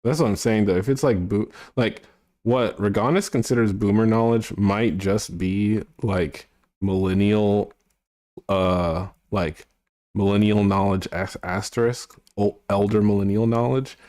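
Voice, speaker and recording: A male streamer talks loosely to his chat, rambling and trailing off now and then. His voice sits low and mellow. The sound is dry and close, with no room around it. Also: fairly even intonation, unhurried, dry recording. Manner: rambling, mumbles to himself, trails off.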